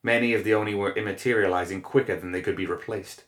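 Brief: male narrator, low voice, steady scripted story reading. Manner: measured, descriptive reading.

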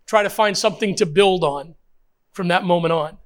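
A man's voice: high-pitched, moderate pace. An older man, a pastor, preaching a sermon with emphatic rhetorical questions and repetition.

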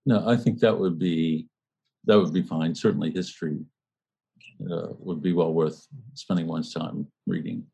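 A man with a very low, slightly husky voice and a dark, mellow tone leads a small study group. He talks in a thoughtful, halting way with many fillers and restarts, then settles into reading passages aloud. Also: expressive. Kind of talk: book discussion and reading aloud.

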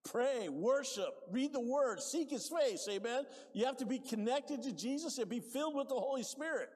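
A man with a high voice preaches a lively sermon, dropping low, then rising and calling out for amens. His voice rings with the long reverb of a church hall. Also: normal speed, slightly rough. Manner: lively, calls for amens, swings from quiet to loud.

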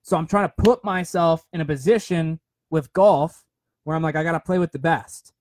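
A man's voice: fairly high pitch, normal speed, no echo. A young man talking casually and rambling, who keeps repeating himself and checking in with "right?". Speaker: speaker sharing a motivational story. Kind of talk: casual monologue.

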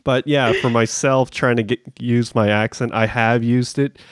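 A man hosting a podcast in casual chat, relaxed and laughing often, repeating words as he starts his sentences. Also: mid-range voice, normal speed, no room sound, studio quality. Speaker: podcast host.

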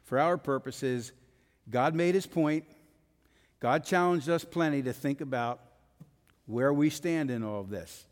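A man's voice: mid-range voice, a little slow. A male pastor preaching a sermon with an emphatic rising and falling cadence. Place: church sanctuary. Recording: long hall reverb.

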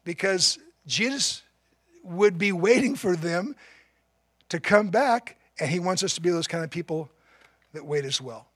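A man's voice: high voice, animated, a little slow, a bit bright, no room sound. A man preaching a sermon as pastor, telling a story in an earnest, emphatic way.

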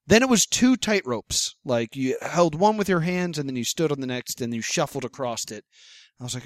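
A man's voice: fairly high pitch, very animated, moderate pace, dry recording, studio quality. A young man hosting a casual chat, telling a self-deprecating story, laughing often and acting out what people said. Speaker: podcast host.

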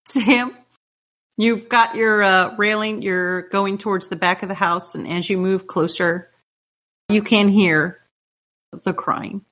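A woman running a tabletop horror game as game master, narrating scenes in calm, descriptive second person. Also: medium pitch, slow pace.

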